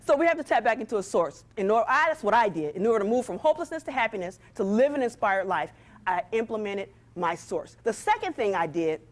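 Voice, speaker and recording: Lively woman giving an inspirational stage talk. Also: sits high. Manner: lively, preacher-like cadence, talks to the audience. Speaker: motivational speaker. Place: stage before an audience.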